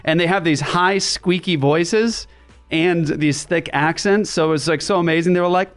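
Animated man hosting a studio chat show. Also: a little high, a little fast. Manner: animated, rambling with many restarts and fillers. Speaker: podcast host. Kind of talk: casual chat. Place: makeshift studio in a writers' room.

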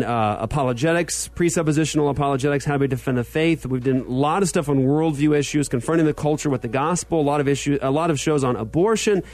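A man in his thirties hosting a casual podcast, telling stories with lots of fillers and energy. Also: a little high. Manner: animated storyteller, many fillers. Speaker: podcast host. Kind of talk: casual chat.

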